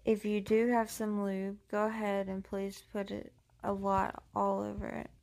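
Woman, adult audio role-play; slow, teasing, flirtatious delivery, very gravelly fry. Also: medium pitch, monotone, darkish tone. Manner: slow, teasing, flirtatious talk addressed to the listener. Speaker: erotic audio creator.

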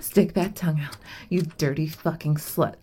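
A woman playing a possessive, teasing older-sister figure in an adult audio role-play, speaking in a commanding, breathy manner. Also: sits low, fairly even intonation, moderate pace, warm tone.

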